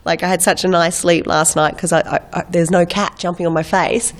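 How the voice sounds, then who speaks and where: Chatty Australian woman with a cold. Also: fairly low pitch. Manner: chatty, animated storytelling with quick impressions. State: getting over a head cold. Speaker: guest actress. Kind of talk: casual chat.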